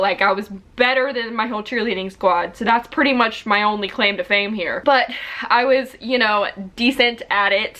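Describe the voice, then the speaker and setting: Chatty young woman, bright voice. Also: mid-range voice, lo-fi sound. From South Carolina. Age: 20s. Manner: chatty, rambling with many "like" fillers and self-corrections. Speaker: vlogger. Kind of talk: casual storytelling to camera.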